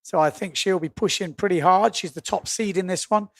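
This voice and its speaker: Gravelly English man commentating. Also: high voice, dry recording, clean studio sound. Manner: jokey, laughs easily, quick asides. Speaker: live windsurfing commentator. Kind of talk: live sports commentary and banter.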